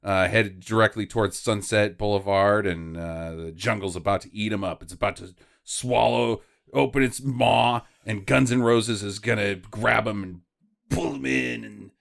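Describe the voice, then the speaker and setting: A man's voice: fairly low pitch, normal speed, vocal fry, a bit bright. A man hosting a casual movie-mocking podcast, laughing often and acting out characters in mocking voices. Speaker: podcast host. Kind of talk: casual movie-riffing chat.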